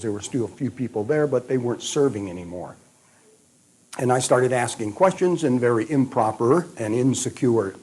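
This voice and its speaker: An older man with an American accent reminisces at an unhurried, storytelling pace. His voice is mellow and warm, with a slightly husky edge. He lingers on the details as he recalls his travels. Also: mid-range voice. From United States. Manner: measured, detailed recollection. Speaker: retired history professor recounting travels.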